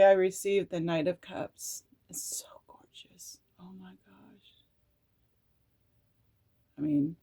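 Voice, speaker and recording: With a lowish voice and a darkish tone, this middle-aged tarot reader reads the meanings of the cards aloud. The reading is emotional, punctuated by laughs and tearful asides.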